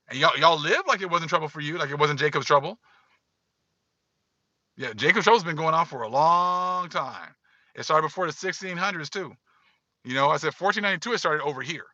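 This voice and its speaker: A man talking straight to his online viewers in a loose, emphatic commentary, circling back over his points again and again. His voice is sharp and tense, pitched a little high. The sound is dry and a bit dull, as from a lo-fi setup. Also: a little fast, dry recording. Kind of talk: casual livestream commentary.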